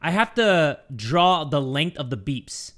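A young man playing a horror video game, commenting as he goes, jumpy and swearing, letting out yelps and shouts when scared. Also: a little high, sing-song, takes it slowly. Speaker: gaming YouTuber. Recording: game music under the voice. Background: game music.

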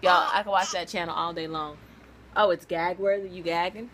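A spirited, dramatic woman vlogging at home, chatting casually and cooing softly to her babies. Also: lowish voice, steady tone, fairly quick, very noisy. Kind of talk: casual home vlog chat. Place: at home and out in the snow.

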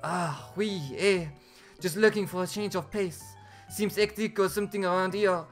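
A man's voice: high voice, fairly even intonation, normal speed, soft background music, lightly acted. A man doing a hammy put-on French accent to voice a flamboyant male artist in a video game. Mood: theatrical. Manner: hammy, exaggerated.

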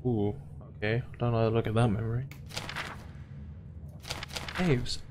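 Chatty young gamer. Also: male voice, mid-range voice, steady tone, unhurried, noisy background. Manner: chatty, reacting aloud, playful. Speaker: gaming YouTuber. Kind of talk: let's play commentary.

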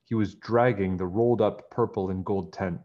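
Male reader, children's storybook narration, low voice, dull lo-fi sound. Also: fairly even intonation, moderate pace. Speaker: narrator reading a children's book. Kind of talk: children's book read-aloud.

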